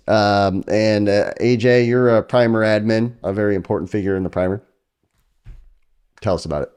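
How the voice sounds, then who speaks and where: A man's voice: on the low side, normal speed, long pauses, a little mellow, clear, resonant tone. A man hosting a casual podcast chat, joking as he presents player cards to a guest. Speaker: podcast host.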